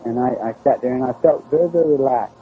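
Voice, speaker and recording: A man telling a personal story in a plain, halting, conversational way. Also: mid-range voice, breathy edge, narrow, tinny audio. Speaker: storyteller recounting a personal experience. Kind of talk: first-person spoken recollection.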